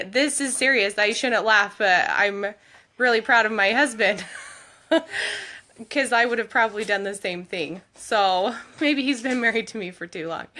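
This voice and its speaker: A woman's voice: a little high, pushed and bright. A woman, a mother of school-age kids, chatting in a rambling way to her followers and laughing now and then as she tells a story. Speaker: vlogger updating followers on her husband. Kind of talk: casual storytelling vlog.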